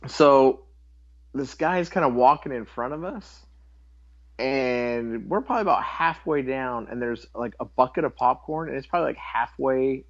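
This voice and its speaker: A man's voice: mid-range voice, moderate pace. A man co-hosting a podcast, telling a casual, swearing anecdote in an easygoing way. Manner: easygoing, swearing, animated storyteller. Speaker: podcast co-host. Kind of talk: casual chat. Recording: dull lo-fi sound.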